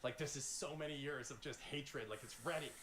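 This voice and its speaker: A man in his fifties, a guest and lawyer, telling a story in casual, animated talk and swearing freely. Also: medium pitch, fairly quick. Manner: animated, swears freely, lively quoted voices. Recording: roomy echo, faint noise.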